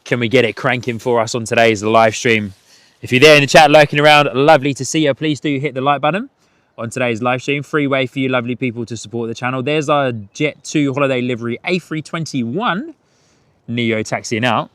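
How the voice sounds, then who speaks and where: A man's voice: medium pitch, a little fast, a bit bright, no room sound. A man hosting a casual live stream outdoors at an airport, chatting, laughing often and reading out chat messages.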